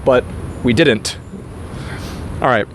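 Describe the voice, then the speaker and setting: A man's voice: mid-range voice, slow pace. Rambling male podcast host outdoors. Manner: rambling, swears freely, laughs often. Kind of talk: casual interview chat. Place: outdoors on concrete steps in a park. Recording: outdoor traffic noise. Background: traffic noise.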